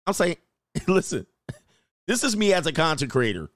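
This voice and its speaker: A man's voice: medium pitch, sing-song, measured pace, long pauses, no echo. A middle-aged man hosting casual commentary, slangy and preachy, with laughing asides. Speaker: host.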